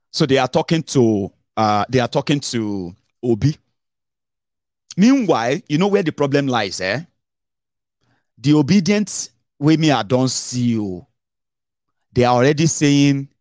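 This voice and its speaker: A middle-aged Nigerian man hosting a casual political commentary show, animated and mixing Pidgin into his English, with dramatic swings in pitch. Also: measured pace, long pauses, no echo, studio quality. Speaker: host.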